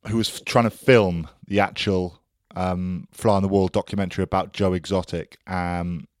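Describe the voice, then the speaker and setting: Deep-voiced male co-host, relaxed joking chat, dry mic. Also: no room sound. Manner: laid-back, teasing banter. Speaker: podcast co-host. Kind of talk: casual chat.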